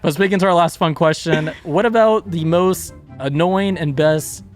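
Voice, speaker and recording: A young man on a podcast, telling a story in a casual, animated way and acting out his coworkers' lines. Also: fairly high pitch, moderate pace, faint music behind. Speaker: podcast guest. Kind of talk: casual chat.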